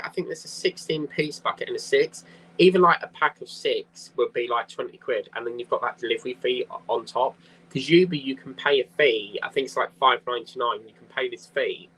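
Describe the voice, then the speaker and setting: Chatty man with a bright voice. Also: medium pitch, low-quality recording. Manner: rambling, chatty, reads viewer comments aloud. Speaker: craft live-stream host. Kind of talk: casual live-stream chat, reading out comments.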